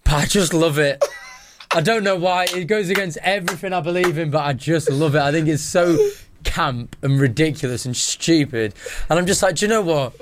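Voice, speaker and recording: A man's voice: a little high, normal speed, a little hiss or hum. A man from England co-hosting a casual football podcast, ranting animatedly and repeating himself for emphasis. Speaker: podcast co-host. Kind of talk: casual banter.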